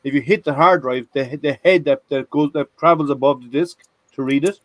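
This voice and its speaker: A man's voice: a little high, brisk, no room sound. Chatty man telling IT stories. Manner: rambling storyteller, many restarts. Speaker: IT product manager at a software company. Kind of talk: casual group chat. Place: online video hangout.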